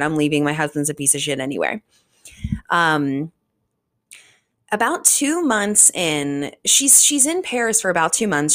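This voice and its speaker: A woman's voice: low voice, fairly bright tone. A young woman hosting a podcast, recapping a book in a chatty, casual way, full of fillers and swearing. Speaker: podcast host. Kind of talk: casual chat.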